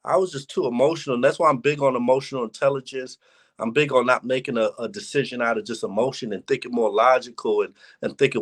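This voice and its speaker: A man's voice: mid-range voice, steady tone, fast talker. A young man in a casual interview, telling stories candidly and reflectively in street slang. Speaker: battle rapper, interview guest. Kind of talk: casual conversation.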